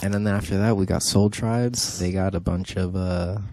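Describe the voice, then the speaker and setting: Low-voiced joking podcast co-host. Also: male voice, fairly even intonation, normal speed, a little mellow. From Dayton, Ohio. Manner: jokey, loose, hype-man announcing. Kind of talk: casual podcast banter.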